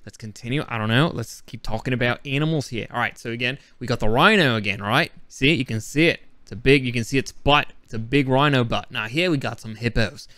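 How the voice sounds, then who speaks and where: A man's voice: mid-range voice, a little fast, hardly any pauses, a bit bright, no room sound, close to an everyday voice. A man putting on a goofy Australian accent as a wildlife presenter, playful and rambling through his vlog. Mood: goofy excited. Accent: put-on Australian.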